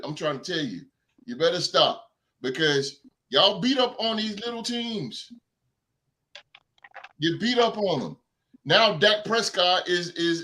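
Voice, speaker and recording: A young man hosting a sports podcast, ranting with emphatic, repetitive casual talk. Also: high voice. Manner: animated, emphatic, repeats himself. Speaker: podcast host.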